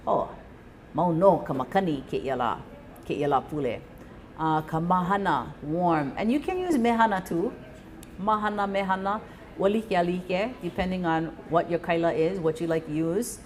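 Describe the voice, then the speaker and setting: A woman's voice: on the low side, lively intonation, a little slow, slight background noise. A woman teaching a live language lesson, often repeating and chanting phrases for learners. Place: live venue.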